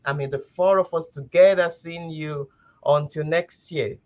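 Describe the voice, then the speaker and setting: A woman's voice: low voice, steady tone, measured pace, darkish tone, highs cut off. A woman co-host giving firm, exhorting motivational closing remarks that end in a prayer.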